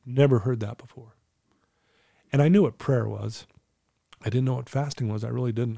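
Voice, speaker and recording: A man's voice: medium pitch, steady tone, moderate pace, creaky, pauses often, dark tone, no echo, studio quality. Earnest man telling a painful story. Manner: earnest, candid, storytelling with quoted inner thoughts. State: emotional, clearing his throat. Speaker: guest telling his life story. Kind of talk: emotional personal testimony.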